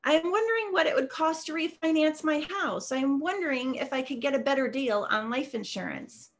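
A woman's voice: high-pitched, lively intonation, fairly quick, voice pushed up. A woman voicing a lonely widowed old man who makes phone calls, polite and hesitant.

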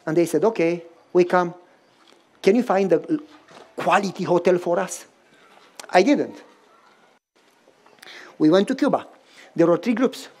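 Male pastor, storytelling sermon, acts out dialogue, very lively pitch swings. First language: Romanian.

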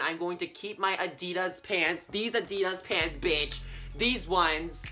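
A young man in his teens ranting to camera in a casual vlog, sassy and profane, swinging between loud outbursts and low mutters. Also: measured pace, faint music behind. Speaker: vlogger.

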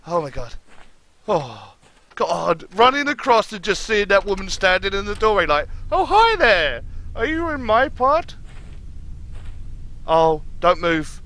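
A man's voice: high-pitched, pushed and bright, a little hiss or hum. A young man streaming a horror game live, swearing constantly and yelping at every scare. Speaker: gaming streamer.

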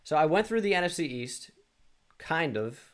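With a slightly high voice that swings widely in pitch, this young gaming YouTuber speaks at a normal speed. He mutters his way through a sports quiz, starting over and ribbing himself as he goes.

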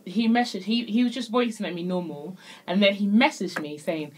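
A woman's voice: medium pitch, fairly quick, slight background noise. A woman hosting a casual podcast chat. She tells stories with lots of energy and laughs often. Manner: animated storyteller, laughs often. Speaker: podcast host. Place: recording studio.

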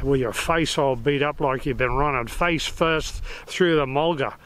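A man's voice: mid-range voice, measured pace, a bit bright, close to an everyday voice. A man putting on a blunt Aussie doctor. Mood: scolding. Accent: put-on Australian. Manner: scolding, slangy. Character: blunt Australian male dermatologist scolding a patient.

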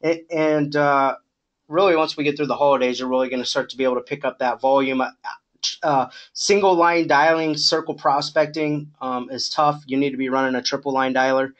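A middle-aged man with a voice of ordinary pitch coaches a new sales agent. He talks in a relaxed, encouraging way, giving feedback with many pauses and fillers. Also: dull audio. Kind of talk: coaching call.

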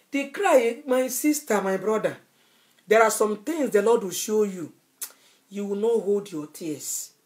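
A woman's voice: on the high side, a little mellow. A woman evangelist preaching a sermon, fervent and repeating her phrases for emphasis. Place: Europe.

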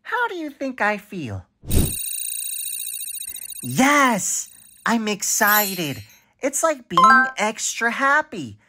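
A woman voicing a cheerful young cartoon boy who narrates a social story and asks the children watching questions, in a bright, sing-song, exaggerated way. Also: fairly high pitch, wildly swooping pitch, drawn-out words, long pauses, background noise, exaggerated voice.

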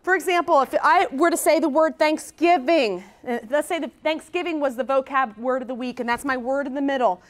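High-voiced chatty woman presenter. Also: fairly quick, few pauses. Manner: energetic, chatty, says "okay?" often. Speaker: workshop presenter. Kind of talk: conference workshop talk. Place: conference room.

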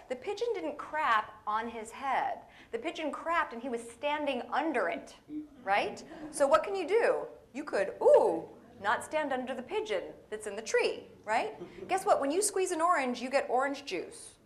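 A woman preaching a guest sermon in a playful, conversational way, often turning to the audience with quick asides. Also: high-pitched. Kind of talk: humorous sermon. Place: spiritual center hall.

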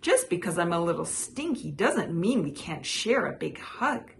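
A woman voicing a sleepy, friendly bear who loves hugs in a read-aloud picture book, slow and easygoing. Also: lowish voice, big pitch swings, gravelly, a little hiss or hum.

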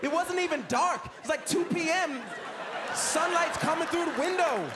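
With an extremely high-pitched voice at normal speed, a young American man performs animated stand-up at a comedy club, acting out stories with screams, big voices and screaming kids. A loud crowd, with laughter and noise, is audible throughout the live set.

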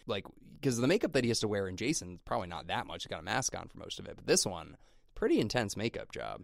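A man's voice: on the low side, sing-song, fast, creaky, dry recording, studio quality. A man co-hosting a podcast, chatting casually about a horror film with lots of fillers and restarts. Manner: rambling, many fillers and restarts. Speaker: podcast co-host. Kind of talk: casual movie review chat.

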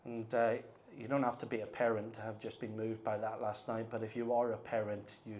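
A middle-aged man preaching a sermon at a conference, earnest, moving between hushed and emphatic delivery. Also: fairly low pitch, little pitch movement, fairly quick. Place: conference hall.

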